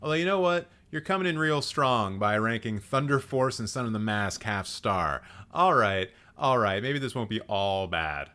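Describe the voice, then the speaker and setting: Male host, live-stream commentary, blunt, sarcastic, swears a lot, lively up-and-down pitch. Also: normal speed, few pauses.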